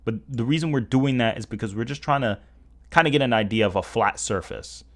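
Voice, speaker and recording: A man's voice: medium pitch, a little fast. A man streaming live, talking casually as he works through calculations, often correcting himself, with keyboard typing heard behind him. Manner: rambling, self-correcting, working through math aloud. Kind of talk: casual livestream commentary.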